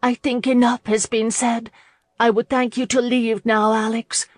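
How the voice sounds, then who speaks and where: A woman's voice: fairly high pitch, little pitch movement, measured pace, no room sound, clean studio sound, voice pushed up. A woman reader voicing a distraught young noblewoman who sobs and pleads in a raised, tearful voice, in a storybook reading. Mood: cold.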